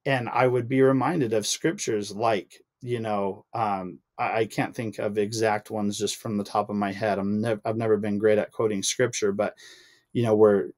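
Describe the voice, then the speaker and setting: A man's voice: lowish voice, little pitch movement, moderate pace, a little mellow. Earnest man telling a personal story. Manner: earnest, emotional storytelling, rising when frustrated. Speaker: podcast guest. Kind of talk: personal testimony in casual chat.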